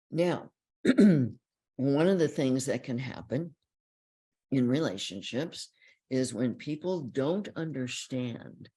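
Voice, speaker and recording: A woman counselor giving a calm, explanatory teaching talk about feelings, often repeating key phrases. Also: rumbling low, husky. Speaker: relationship counselor.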